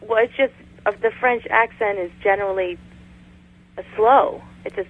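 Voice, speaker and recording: Over a tinny phone line with a little background noise, a woman guest talks at a moderate pace in a medium-pitched voice. The voice actress is chatty and long-winded in this casual interview.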